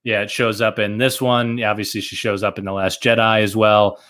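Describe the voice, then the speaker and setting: A man's voice: lowish voice, flat delivery, moderate pace, fairly bright tone, smooth. A man answering trivia questions in casual chat, easygoing and hesitant when unsure. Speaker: trivia contestant.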